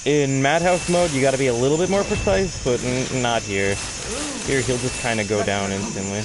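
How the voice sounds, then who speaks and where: A man's voice: medium pitch, normal speed. Casual male speedrun commentator; chatty and self-deprecating, mid-range voice, faint hiss.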